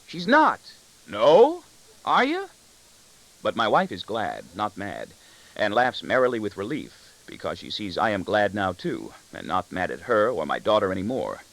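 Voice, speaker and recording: Creaky-voiced man reading a novel aloud. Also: sits low, very animated, normal speed, a bit bright, poor audio. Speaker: audiobook narrator. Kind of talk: first-person literary narration.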